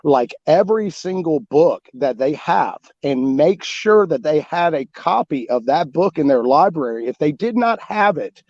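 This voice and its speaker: Pria bersuara agak tinggi, animasi. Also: male voice, a little high, measured pace, few pauses, no echo, highs cut off. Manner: rambling, animated, with many restarts and fillers. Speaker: guest author. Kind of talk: casual conversational interview.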